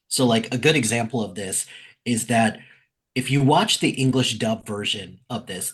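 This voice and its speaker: A man's voice: fairly low pitch, fairly bright tone, breathy edge. An American man, co-host of a movie podcast, chatting casually and quoting lines in mock voices. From United States. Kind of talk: casual chat.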